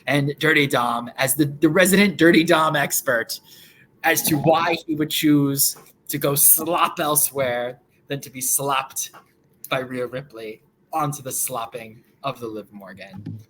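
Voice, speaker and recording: A man's voice: fairly high pitch, a bit bright, a little hiss or hum, rough recording. A man co-hosting a casual podcast, joking in a mock-solemn way. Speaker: podcast co-host.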